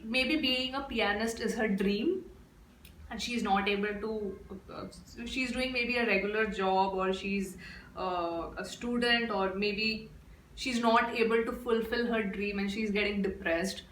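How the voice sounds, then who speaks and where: A woman's voice: a little high, fairly bright tone, slight background noise. Gushing woman in an echoey room. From India. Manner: gushing, effusive. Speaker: reaction video host. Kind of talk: casual reaction vlog. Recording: echoey room with faint music.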